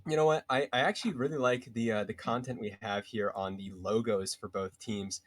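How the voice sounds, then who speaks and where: A man playing on a live-streamed game show. He speaks in a playful, theatrical way, with a mid-pitched voice. The sound is dry. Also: fairly even intonation, brisk, no echo. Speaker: player. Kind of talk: casual live-stream chat.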